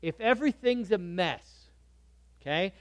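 A man preaching a sermon in a conversational way, moving between soft asides and lively emphasis. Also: high-pitched, measured pace, no room sound. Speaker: pastor.

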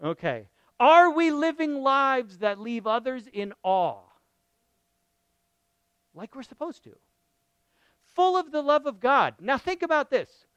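A middle-aged man preaching a lively, conversational sermon, often asking his listeners questions. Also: very high voice, slow, long pauses, no room sound, lo-fi sound. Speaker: pastor.

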